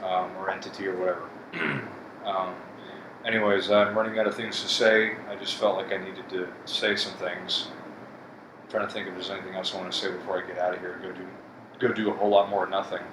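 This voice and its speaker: A man's voice: deep voice, level tone, fairly quick. A man talking to his channel in a blunt, profane, bitter rant about betrayal and hopelessness. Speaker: vlogger. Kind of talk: casual monologue to camera. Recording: echoey room with air conditioning hum.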